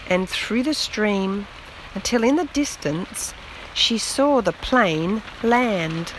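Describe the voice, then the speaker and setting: A woman reads a children's picture book aloud, taking her time and lingering on each phrase. Her voice sits a little higher than average. Faint rain patters on the roof behind her. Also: a little hiss or hum, rough recording. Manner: slow, gentle, expressive read-aloud. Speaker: storyteller. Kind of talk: children's story reading.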